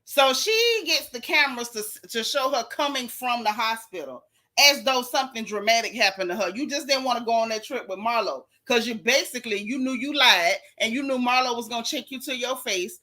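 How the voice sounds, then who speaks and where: Sassy lady dishing on reality tv, bright kinda high voice. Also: brisk. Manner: sassy, animated, reads chat aloud. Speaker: show recap host. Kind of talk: casual gossip commentary.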